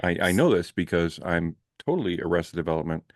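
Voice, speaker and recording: A man's voice: deep voice, lively intonation, a little fast, no room sound, studio quality. A man from Canada, a guest on a casual movie review chat, talking in playful, enthusiastic bursts.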